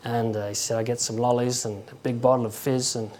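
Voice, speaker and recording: A man giving an informal sermon in a halting, conversational way, often restarting his words and acting out quotes. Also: mid-range voice, little pitch movement, background noise. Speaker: preacher.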